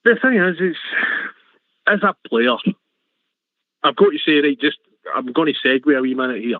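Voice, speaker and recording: A man's voice: fairly high pitch, animated, normal speed, no echo. An older Scottish man calling into a football phone-in, rambling and boisterous, joking darkly. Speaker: caller. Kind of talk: casual football phone-in chat. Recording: tinny phone line.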